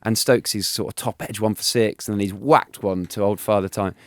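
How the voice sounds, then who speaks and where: A man in his thirties speaks with a low pitch, eager and animated as he recounts stories. He laughs often and stumbles over restarts. The sound is close and dry, with no room echo. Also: a little fast. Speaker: guest, former cricketer. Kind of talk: casual storytelling interview.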